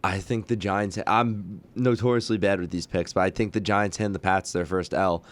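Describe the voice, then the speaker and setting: A young man co-hosting a casual sports talk show, excitable and quick to protest when teased. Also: sits low. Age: young adult. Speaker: co-host.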